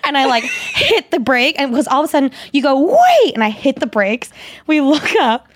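A young woman co-hosting a podcast, telling a story in lively casual chat and acting out quotes with squeals. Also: high-pitched, fairly quick, slight background noise. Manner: animated, acts out quotes in a squealing voice. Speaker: podcast co-host.

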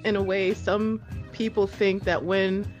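A woman's voice: medium pitch, flat delivery, unhurried, darkish tone, muffled recording, soft background music. A woman in casual chat, asking questions in a chatty way with many fillers. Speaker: interviewer.

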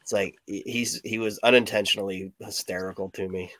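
A man's voice: fairly low pitch, fairly even intonation, a little fast, fairly bright tone, no room sound. A man hosting a podcast who chats casually, tells stories bluntly, swears freely and laughs at his own anecdotes. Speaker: podcast host. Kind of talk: casual chat.

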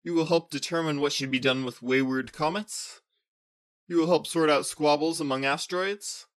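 A man's voice: fairly high pitch, fairly even intonation, moderate pace, voice pushed up, close to an everyday voice. Storybook villain: a snarling, menacing male planet ruler, put on by a man narrator. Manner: growling, snarling, domineering. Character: huge arrogant male planet king, menacing.

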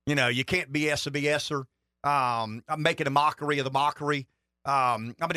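Guy on a politics talk show, swings his pitch all over, rambles and leans on words. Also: sharp tone, no room sound, studio quality. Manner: folksy, emphatic, rambling asides.

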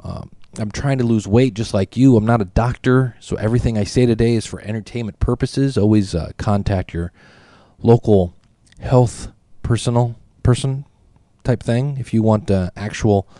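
A man with a low, mellow voice hosts a podcast as a casual monologue. He is chatty and self-deprecating. The sound is dry and close. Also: no echo. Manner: chatty and self-deprecating, reads listener emails aloud. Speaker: podcast host.

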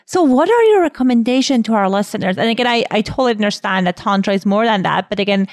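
A woman hosting a podcast, asking her guest questions in a searching, halting way with fillers. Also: mid-range voice, animated, dry recording, studio quality. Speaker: podcast host. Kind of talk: interview questions.

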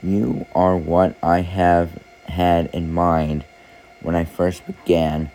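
A man voicing a patient potter who calmly explains his work to a teacup in a storybook parable. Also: sits low, low-quality recording. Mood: gentle. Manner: slow, gentle explaining. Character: patient calm male potter, master craftsman.

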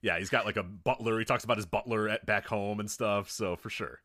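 A man co-hosting a podcast, easygoing and quick to laugh in casual chat. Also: lowish voice, fairly even intonation, sharp tone, dry recording, studio quality. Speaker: podcast co-host.

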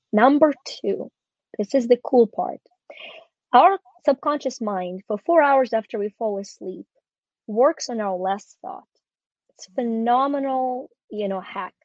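A woman's voice: fairly high pitch, a little mellow, dry recording, dull audio. A woman in her forties, a guest coach on a podcast, teaching a process step by step with eager emphasis. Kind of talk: podcast conversation.

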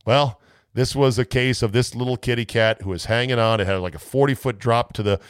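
A man's voice: medium pitch, fairly even intonation, moderate pace, smooth, no echo, studio quality. A male sports talk show host in a casual monologue, rambling and making self-mocking asides.

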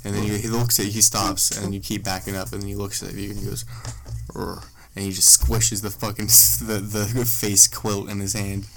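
A man's voice: fairly low pitch, flat delivery, brisk, hardly any pauses, fairly bright tone, slight background noise, low-quality recording. A young man hosting a casual podcast, telling rambling stories and swearing a lot. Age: young adult. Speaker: podcast host.

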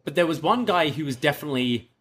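A man's voice: a little high, lively intonation, fast, fairly bright tone, husky. A young man with a Northwest London accent, co-hosting a podcast in casual, laid-back chat. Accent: Northwest London English. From England. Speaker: podcast co-host.

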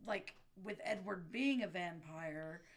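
A woman co-hosting a podcast, speaking in a measured, thoughtful way with some restarts. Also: lowish voice, crowd noise. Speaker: podcast co-host. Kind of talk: casual chat.

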